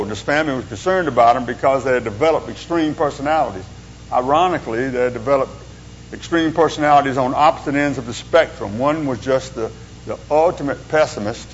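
A man preaching an informal sermon as a pastor, telling stories in a folksy, rambling way with joking asides. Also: mid-range voice. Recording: dull lo-fi sound with faint hum.

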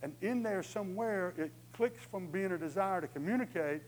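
A man's voice: high voice, moderate pace, few pauses, a little hiss or hum, low-quality recording. A man preaching a sermon in a conversational way, acting out inner voices with humor. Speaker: pastor.

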